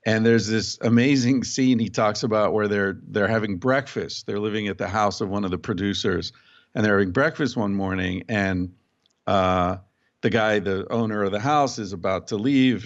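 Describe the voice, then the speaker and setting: A man appearing as a guest author, telling a story in a relaxed, chatty way and laughing as he goes. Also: lowish voice, normal speed, dull audio. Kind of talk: casual interview chat.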